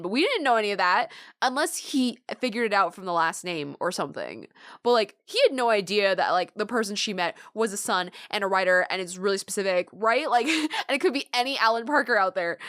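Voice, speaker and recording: A woman's voice: a little high, animated, brisk, fairly bright tone, no echo, clean studio sound. A young woman hosting a let's play, talking casually and effusively with lots of fillers, emotional about the story. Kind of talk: casual video game commentary.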